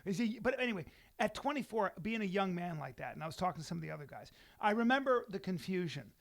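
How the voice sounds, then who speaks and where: Excitable middle-aged man with a high voice. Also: fast talker, gravelly. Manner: excitable, repeats himself, stumbles over words. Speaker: podcast co-host. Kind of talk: casual podcast banter. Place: podcast studio.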